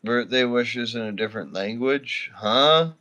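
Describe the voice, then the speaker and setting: Man streamer ranting with bright voice. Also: mid-range voice, unhurried. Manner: swearing, ranting at a viewer; mumbling and reluctant at first. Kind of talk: live stream chat with viewers.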